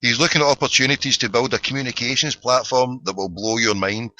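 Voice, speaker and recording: Quick and forceful, with a bright, steady tone at medium pitch, a middle-aged Glaswegian man sarcastically rants and swears his way through solo commentary on the phone-in podcast he hosts. The recording is rough.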